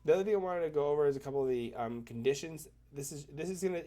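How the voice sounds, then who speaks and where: A hockey commentator with a cold and a stuffed-up nose talks casually and enthusiastically through stats on screen in a screen-share, rambling and often restarting and correcting his sentences. His voice is fairly high-pitched and dark in tone, and he talks very fast.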